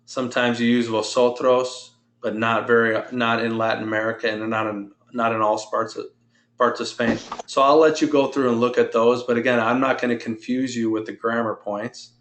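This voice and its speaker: Male Spanish teacher, patient, explains step by step, mid-pitched, roomy echo. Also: level tone, fairly bright tone, a little hiss or hum. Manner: patient, explains slowly and drills pronunciation. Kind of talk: online language lesson.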